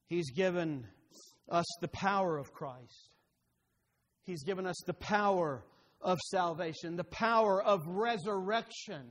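Male preacher, higher voice, emphatic and repetitive sermon delivery, long hall reverb. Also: measured pace. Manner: emphatic, repeats phrases for stress.

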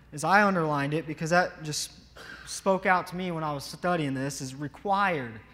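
A man's voice: fairly high pitch, fairly bright tone, long reverb tail. A man preaching an earnest, emphatic sermon to his congregation. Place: church.

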